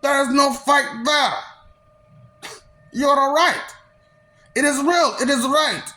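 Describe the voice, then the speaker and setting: A woman's voice: high-pitched, slow, sharp tone. A woman delivering a confrontational monologue in a taunting, mocking, preachy way.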